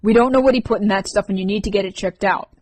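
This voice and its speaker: A woman's voice: medium pitch, fast, darkish tone, close to an everyday voice. A woman reading an audiobook, voicing a stern, protective teenage girl who speaks in a firm, scolding way.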